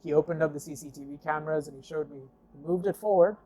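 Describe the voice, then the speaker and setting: A man's voice: fairly high pitch, quick pace, a little hiss or hum. A man casually telling a story, acting out the dialogue with lots of "I'm like" and fillers. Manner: animated storyteller who acts out dialogue; conversational, with frequent fillers and "I'm like". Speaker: guest telling car stories. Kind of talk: casual spoken anecdote.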